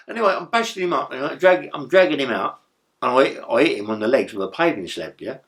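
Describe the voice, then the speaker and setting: A man's voice: mid-range voice, lively intonation, quick pace, a bit bright. A middle-aged man telling stories in a rambling, profane way, full of stammered restarts. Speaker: interview guest, former prisoner. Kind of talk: casual storytelling.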